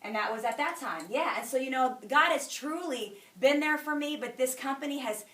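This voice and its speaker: A woman's voice: high voice, moderate pace, a bit bright, recorded from a distance. Woman speaking to a crowd in an echoey hall. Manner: emphatic, chatty, preachy, laughs between lines. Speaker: sales director speaking to a group. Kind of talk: motivational testimony talk.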